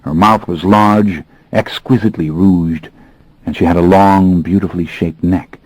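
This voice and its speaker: A man narrating an audiobook in the first person, with a brooding, measured delivery and expressive pacing. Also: deep voice, no echo, low-quality recording.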